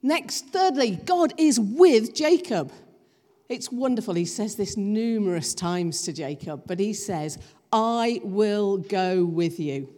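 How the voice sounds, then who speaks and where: A woman preaching a sermon, slow and emphatic, drawing the congregation in with questions. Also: medium pitch, lively intonation, dark tone. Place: church hall. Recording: long reverb of a church hall.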